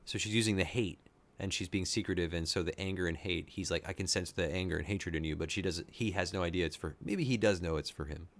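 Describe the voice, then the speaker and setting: A man with a fairly low voice gives a casual running commentary as he reacts to what he watches. He thinks out loud and gushes freely, his excitement spilling into every remark. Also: fast. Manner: excitable, thinking aloud, gushing. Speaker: reaction video host.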